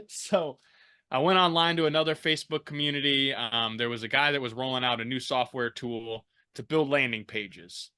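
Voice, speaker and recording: A man telling his own story as a podcast guest, casual and animated, swearing freely and acting out the people he quotes. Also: mid-range voice, moderate pace, smooth.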